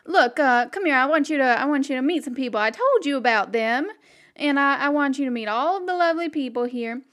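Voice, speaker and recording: A woman's voice: high voice, expressive, fairly quick, fairly bright tone. A woman voicing a grumpy, indifferent male sheriff who talks dismissively.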